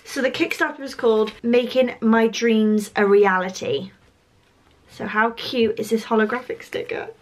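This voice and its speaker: A young woman gushing with excitement as she opens parcels in a casual vlog, full of fillers and exclamations. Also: on the high side, moderate pace. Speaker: stationery vlogger. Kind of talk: unboxing vlog.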